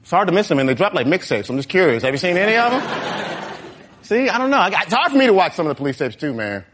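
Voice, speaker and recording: Animated stand-up comic working a crowd. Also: male voice, sits high, fast. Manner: animated, talks straight to the crowd. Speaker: stand-up comedian. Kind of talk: stand-up set. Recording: live show with crowd noise.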